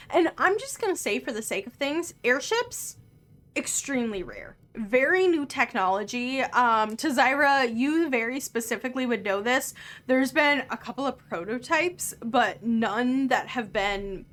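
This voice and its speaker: Woman GM, relaxed and unhurried narration full of filler words, slightly high pitch. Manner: relaxed, with frequent ums and likes. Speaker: game master. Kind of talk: narrating a tabletop game.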